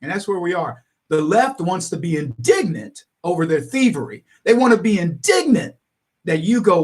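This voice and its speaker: A man hosting a political livestream, telling stories in an animated way, acting out other people's lines and chuckling between points. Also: high voice, moderate pace. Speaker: talk radio host.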